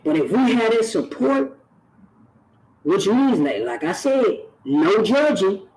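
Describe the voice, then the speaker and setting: A man's voice: high voice, sing-song, takes it slowly, darkish tone, poor audio. A man, talking earnestly to camera on his own channel and repeating phrases for emphasis. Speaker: YouTube channel host. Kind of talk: direct-to-camera talk.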